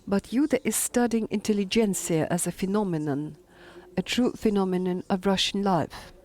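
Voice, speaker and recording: A woman's voice: mid-range voice, warm tone. Woman introducing a guest speaker. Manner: admiring, with frequent restarts. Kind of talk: spoken introduction at a public lecture.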